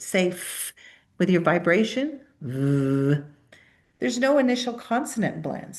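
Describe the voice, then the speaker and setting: Middle-aged woman presenter, native Spanish speaker, low voice; coaxing, demonstrates sounds aloud. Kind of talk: conference presentation.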